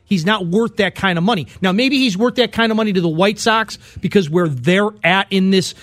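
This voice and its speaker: A man's voice: sits high, a little fast, a bit bright, no echo. A man on a sports talk panel, speaking in a skeptical, wry way.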